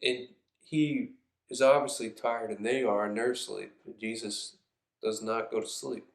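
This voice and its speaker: A male preacher delivers a sermon in an earnest, reflective manner at an ordinary middle pitch. His voice rings with noticeable room echo, as if recorded in a church sanctuary. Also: steady tone, measured pace, gravelly. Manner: earnest and reflective, reads scripture aloud. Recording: echoey room.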